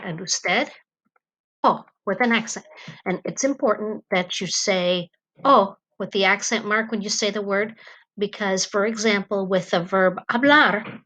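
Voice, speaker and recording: A woman's voice: mid-range voice, fairly bright tone, low-quality recording. A woman teacher narrating a grammar lesson from home, explaining patiently with ums and uhs. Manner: slow, patient explaining with fillers. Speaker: Spanish teacher.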